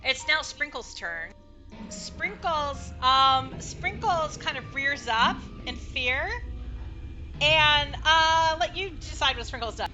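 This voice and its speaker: A woman's voice: sits high, animated, slow pace, pushed and bright, faint music behind. A woman narrating as game master of a tabletop game, chatty and hesitant with many fillers. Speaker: dungeon master.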